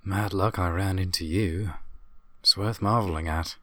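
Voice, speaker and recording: A man voicing a nervous, grateful young male traveler who talks in a plain folksy way and is quick to alarm. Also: low-pitched, fairly even intonation, a bit bright, dry recording. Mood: earnest.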